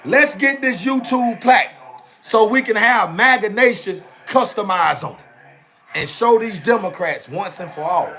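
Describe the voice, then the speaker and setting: Animated man streaming, ending lines with "bro". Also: high-pitched, a little slow. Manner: animated, repetitive, ends phrases with "bro" and "man". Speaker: channel host. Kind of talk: casual live-stream talk to viewers.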